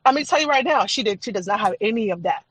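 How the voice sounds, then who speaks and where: A woman's voice: mid-range voice, expressive, fast talker, a bit bright, husky, no room sound. A woman guest on a podcast, telling her personal faith testimony in an emphatic, repetitive, testifying way.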